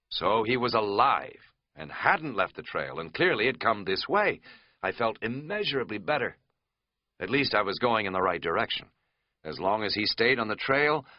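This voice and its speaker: A man's voice: on the low side, dry recording, highs cut off. A man reading an audiobook aloud in a dry, understated storytelling manner. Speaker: audiobook narrator. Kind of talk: audiobook narration.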